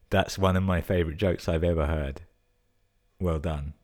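A man's voice: low voice, steady tone, normal speed, a little mellow. A man hosting a podcast, reading listener stories out casually, swearing a lot and laughing at the jokes. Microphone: podcast microphone.

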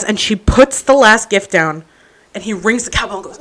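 A woman's voice: medium pitch, unhurried, poor audio. Chatty woman podcast co-host. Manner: animated storyteller, frequent "like" and "um"; laughs through her anecdotes. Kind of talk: casual chat.

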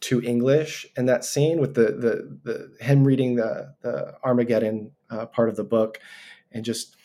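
Young adult man, laid-back podcast co-host, quick easygoing interjections. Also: mid-range voice. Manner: relaxed, chiming in with quick remarks. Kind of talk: casual film discussion.

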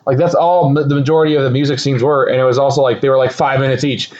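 A man's voice: mid-range voice, steady tone, rapid-fire, darkish tone, lo-fi sound. A man co-hosting a casual chat about a movie, rambling and filling his talk with "like" and restarts. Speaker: podcast co-host.

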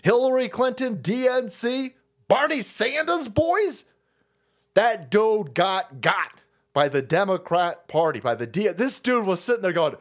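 Loud, profane man with a lively pitch. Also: moderate pace. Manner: loud, foul-mouthed, mocking, swings between shouting and low mutters. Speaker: host of a political rant stream. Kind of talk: profane political rant.

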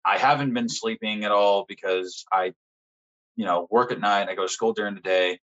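A young man as a podcast guest, frankly telling a personal story in casual conversation, swearing often and pausing with fillers. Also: on the low side, fairly bright tone, dull audio.

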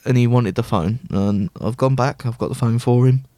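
A man's voice: medium pitch, normal speed, no echo. Young man telling stories, dry sound. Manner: animated storytelling, acting out both sides of a row. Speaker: podcast co-host. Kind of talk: casual chat.

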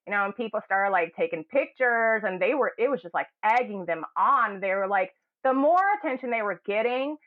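A woman's voice: mid-range voice, fairly quick, hardly any pauses, narrow, tinny audio. A woman from Kentucky telling a story casually, acting out the people in it with shifting voices. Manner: animated, acts out quotes in shifting voices. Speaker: guest, hotel general manager.

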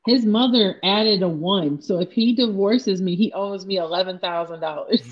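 A woman's voice: medium pitch, normal speed, muffled recording. A woman co-hosting a podcast, telling a story in a casual way and often laughing. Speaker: podcast co-host.

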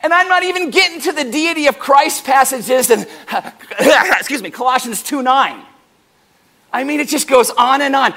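Male pastor mid-sermon; high, bright voice, playful, acts out short exchanges. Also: moderate pace. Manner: animated, swings up and down in pitch and loudness; jokey, acts out doorstep conversations in little voices. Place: church service.

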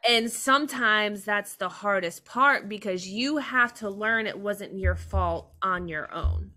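A woman's voice: mid-range voice, slow, sharp tone. A young woman speaking as a podcast guest, talking openly and earnestly about hard personal experiences, sometimes laughing while she does. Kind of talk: candid personal conversation.

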